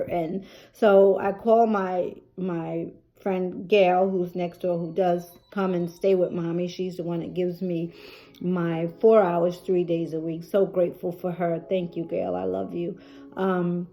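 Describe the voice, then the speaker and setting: Middle-aged woman storyteller, mellow and fairly low, chatty, with lots of ums. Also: flat delivery, slow pace. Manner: chatty and emotional, with many fillers. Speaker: caregiver vlogger. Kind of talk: personal storytelling.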